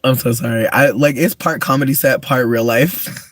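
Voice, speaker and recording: A livestreamer in a casual rant, full of swearing, dropping to low mutters and then bursting into shrieking laughter, talking from inside a car. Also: moderate pace, fairly bright tone, no room sound.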